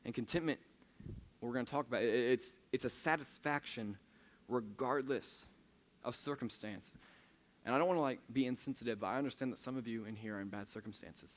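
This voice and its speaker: A man's voice: medium pitch, fairly quick, slight background noise. A young adult man preaching a sermon to a room of listeners in a casual, self-mocking, storytelling manner, often restarting his sentences. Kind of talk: conversational sermon. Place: church service in a room of listeners.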